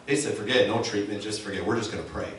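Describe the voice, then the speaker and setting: Recorded at a distance in a reverberant church sanctuary, this male pastor preaches with emphasis and has the congregation echo his words. He speaks very fast in a fairly low, slightly bright voice, with a little background noise.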